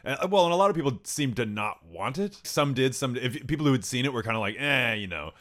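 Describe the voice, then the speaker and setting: Mellow low-key guy on a film podcast, laughs a lot. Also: expressive, fast talker. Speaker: podcast co-host. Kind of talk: casual chat.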